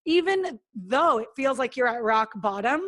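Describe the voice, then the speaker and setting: A woman with a high, bright-sitting voice talks as a podcast guest. She is earnest and motivational. She often acts out her own thoughts and what others said to her. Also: lively intonation, moderate pace. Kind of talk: casual interview talk.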